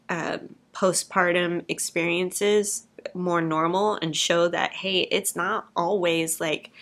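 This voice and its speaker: Young woman vlogger, low-ish voice, frank and emotional, casual swearing, talks straight to camera. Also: fairly bright tone. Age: young adult. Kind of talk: candid personal vlog.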